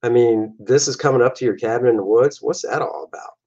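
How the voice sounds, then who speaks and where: A man's voice: medium pitch, fairly quick, a little mellow, breathy edge. A man, a comic artist and host, casually talking through his own artwork in a loose, jokey, rambling way. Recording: dull lo-fi recording.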